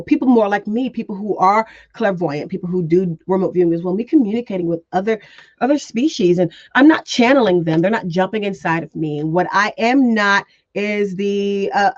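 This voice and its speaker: A woman's voice: lowish voice, a little mellow, no room sound. Woman giving a talk on remote viewing, earnest, lots of ums and repeats, kinda muffled dry audio. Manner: earnest, repeats phrases, frequent fillers. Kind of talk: spoken presentation to an audience.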